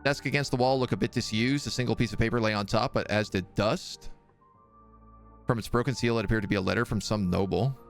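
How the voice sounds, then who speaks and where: A man streaming a game, reading its story text aloud in a measured way and chatting softly to his cat between passages. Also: fairly low pitch, soft background music.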